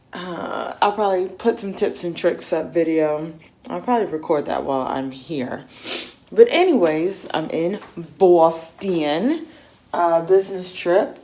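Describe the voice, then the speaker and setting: A woman's voice: lowish voice, warm tone. A young woman giving a chatty, slangy hotel room tour in casual vlog style, with many fillers. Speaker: vlogger.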